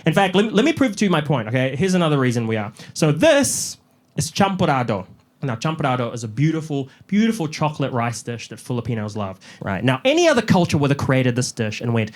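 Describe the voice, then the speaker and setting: A young man from New Zealand doing a stand-up comedy set in front of a live audience, telling stories with lively delivery and little put-on voices. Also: mid-range voice, fast talker. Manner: animated storytelling, mocks up little voices.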